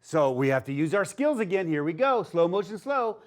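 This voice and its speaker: Man, children's phonics teacher, encouraging, rather high voice. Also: big pitch swings. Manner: slow, sounding out letters, upbeat and encouraging. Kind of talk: phonics lesson for young children.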